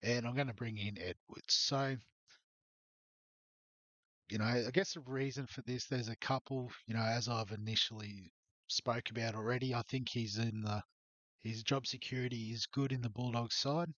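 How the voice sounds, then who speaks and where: A man's voice: mid-range voice, steady tone, moderate pace, fairly bright tone, no room sound, lo-fi sound. A man walking through his fantasy rugby league team in a rambling, hesitant way, full of ums. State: has the hiccups. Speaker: fantasy sports youtuber. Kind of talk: casual fantasy team walkthrough.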